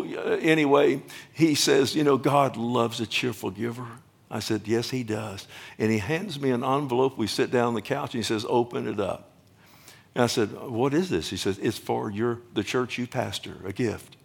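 A man's voice: fairly quick, creaky. Rambling middle-aged male pastor preaching. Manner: rambling, repeats himself, asks the congregation "amen?"; grows louder and higher as he builds. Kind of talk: sermon.

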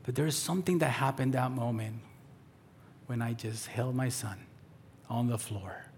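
A man in his thirties preaching a sermon as pastor, telling stories and acting out the voices in them, sometimes dropping to a soft near-whisper. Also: medium pitch, moderate pace, creaky, a little hiss or hum. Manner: storytelling, acts out voices in quotes, drops to soft near-whisper.

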